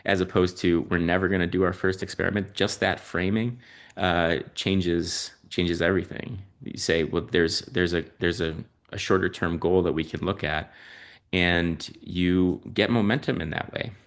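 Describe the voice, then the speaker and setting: A man with a low-pitched voice talks through family stories as a podcast guest. He pauses often and fills the gaps with ums and uhs. His delivery is slow and thoughtful. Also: steady tone. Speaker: podcast guest, parent and physician-researcher. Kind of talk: reflective conversational storytelling.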